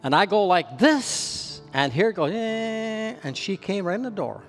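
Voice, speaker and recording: Over music, a Canadian man preaches as pastor in a reverberant church hall with a long echo. He tells a personal story sincerely, his high-pitched voice swinging widely and climbing for emphasis. His pace is unhurried.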